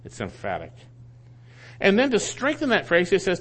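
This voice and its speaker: Emphatic preacher man with a lively voice. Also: high voice, normal speed. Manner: emphatic, repeats key phrases for stress. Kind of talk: sermon teaching through a Bible passage.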